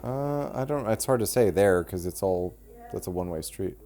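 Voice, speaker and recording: Casual male co-host, thirties, crude jokester with a lively, swooping voice. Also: low-pitched, normal speed. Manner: joking, crude, playful. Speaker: podcast co-host. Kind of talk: casual movie review chat.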